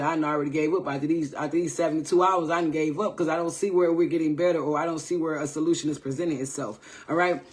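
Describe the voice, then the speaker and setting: Casting: man, relaxed live tarot reader, slightly higher voice, keeps checking in with "all right?". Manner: loose, repetitive, greets viewers by name, says "all right?" often. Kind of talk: casual live tarot reading.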